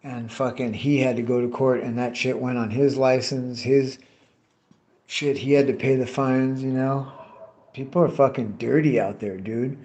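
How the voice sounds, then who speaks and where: A man's voice: medium pitch, fairly even intonation, normal speed, darkish tone. A middle-aged man chatting casually and swearing a lot while he rants about old bosses and work crews. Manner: profane, ranting storyteller. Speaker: vlogger cutting bottles. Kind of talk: casual rambling chat. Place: tree care worker.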